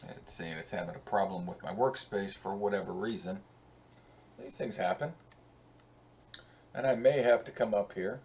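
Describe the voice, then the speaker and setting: This male professor's voice is fairly low and darkish, and a little hiss or hum sits under it. He talks through code slowly and conversationally in a screen-recorded lesson, thinking aloud while he works.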